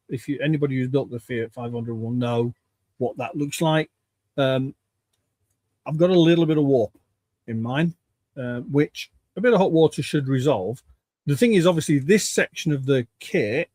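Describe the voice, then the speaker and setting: A man co-hosting a casual livestream chat from his home workbench, relaxed and rambling, a bit out of breath. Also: on the high side, dry recording. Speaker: co-host.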